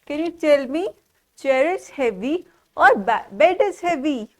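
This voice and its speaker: A woman teaches a class of small children. Her voice sits high, and she speaks slowly, repeating each word in a sing-song rhythm and stopping often to ask questions. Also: lively intonation, darkish tone. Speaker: preschool teacher.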